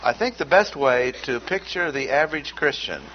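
Male Bible teacher, mid-pitched, emphatic and deliberate, dull lo-fi recording. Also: animated. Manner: measured, emphatic, repeats key words. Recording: dull lo-fi recording with faint noise.

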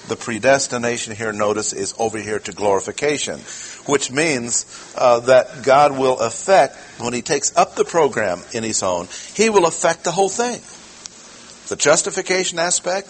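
A man delivers a teaching sermon in a steady mid-range voice, pressing his points with rhetorical questions and repetition. A faint background noise sits under the recording. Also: medium pitch, low-quality recording. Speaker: preacher.

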